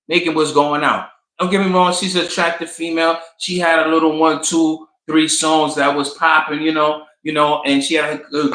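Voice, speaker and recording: Male commentary host, bright tone, colloquial and animated, echoey room. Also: fairly high pitch. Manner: animated storytelling, colloquial, acts out quotes. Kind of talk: casual commentary.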